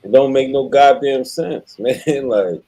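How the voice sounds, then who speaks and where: A man's voice: mid-range voice, unhurried, warm tone, slightly rough, poor audio. A man in casual podcast chat, blunt and profane when he makes a point.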